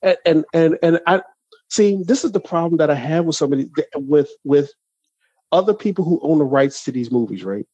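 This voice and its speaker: A man's voice: on the high side, fairly quick, breathy edge, no echo, muffled recording. A man co-hosting a podcast, ranting in casual chat with lots of restarts. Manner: animated, ranting, many restarts. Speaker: podcast co-host.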